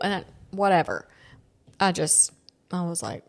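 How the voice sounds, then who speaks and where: Animated woman podcast host telling stories. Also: fairly low pitch, moderate pace, creaky, long pauses. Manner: animated storytelling, quoting people, laughing often. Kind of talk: casual chat.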